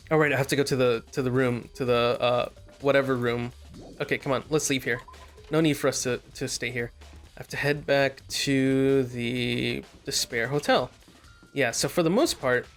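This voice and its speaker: Chatty young man playing a game. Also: medium pitch. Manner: loose and chatty, with fillers. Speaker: let's play host. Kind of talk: casual gameplay commentary, reading dialogue aloud.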